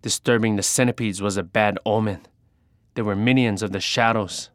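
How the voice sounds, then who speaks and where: A man narrating an adventure story in the first person, measured and dramatic. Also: lowish voice, fairly even intonation, no echo, clean studio sound.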